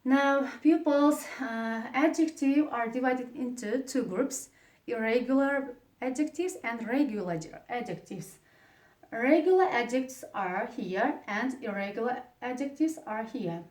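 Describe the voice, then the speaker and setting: A woman with an Uzbek accent teaches English grammar to pupils, speaking slowly and haltingly with many fillers. Her voice sits fairly high. It sounds echoey and comes from some distance across a classroom. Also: darkish tone. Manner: slow, halting delivery with many fillers, stresses example words.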